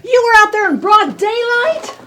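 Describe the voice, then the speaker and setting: Actress as a flustered eccentric woman, high and swooping, stumbling over her words, background noise in a training studio. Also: expressive, normal speed. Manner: flustered, fussy, stammering. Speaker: actor in a scene. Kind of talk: stage period comedy scene.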